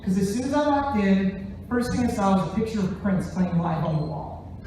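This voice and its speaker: A man tells a story on a theater stage as a stand-up comic, animated and quick to slip into voices. His voice rings through a very echoey room, picked up from far off, with a faint murmur of ambience behind it. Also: sits high, slight background noise. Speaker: stand-up comedian and musician. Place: large theater stage, live show. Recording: very echoey theater, distant mic.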